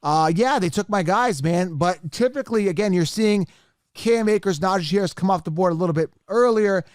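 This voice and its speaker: A man with a high voice talks through a live mock draft as a fantasy football host. He is animated, addresses his viewers directly and gets exasperated as picks go. The sound is dry and close. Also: a little fast, clear, resonant tone, dry recording.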